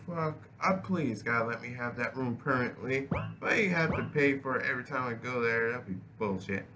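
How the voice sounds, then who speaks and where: A man's voice: mid-range voice, lively intonation, normal speed, sharp tone, a little hiss or hum. A young man giving casual, profane gameplay commentary, rambling and restarting his sentences. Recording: game music playing behind voice.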